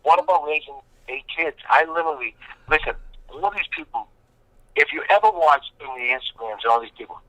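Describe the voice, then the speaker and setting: A man's voice: on the high side, animated, fairly quick, bright, forceful tone, dry recording, dull audio. A man, a guest in a casual interview, telling long rambling stories with lots of emphatic repetition. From Boston. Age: 50s.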